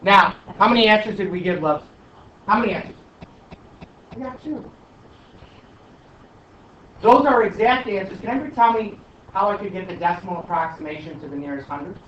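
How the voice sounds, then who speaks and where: A man's voice: high voice, animated, brisk, long pauses, fairly bright tone. A male math teacher questioning and coaxing his students through a problem in class. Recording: echoey classroom from far off, dull, light noise.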